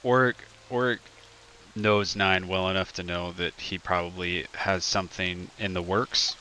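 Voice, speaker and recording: A man's voice: sits low, flat delivery, normal speed, sharp tone, a little hiss or hum. A man playing a tabletop role-playing game, describing his character's actions in a wry, profane way. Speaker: player. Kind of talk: tabletop role-play, casual chat.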